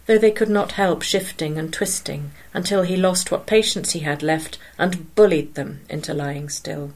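A woman narrating a story aloud in a steady, measured way. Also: lowish voice, creaky, husky, rough recording.

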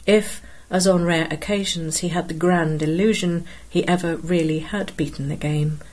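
A woman narrating a literary story in a measured, expressive reading. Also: fairly low pitch.

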